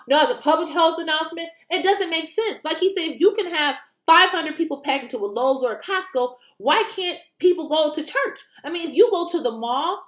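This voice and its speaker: An American woman giving casual political commentary, animated and indignant, firing off rhetorical questions with mocking asides. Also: sits high, roomy sound.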